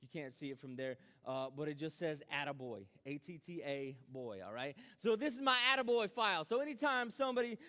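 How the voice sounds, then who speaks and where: A man preaching a youth sermon as youth pastor, animated, acting out his own doubts aloud. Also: on the high side, fast talker, hardly any pauses.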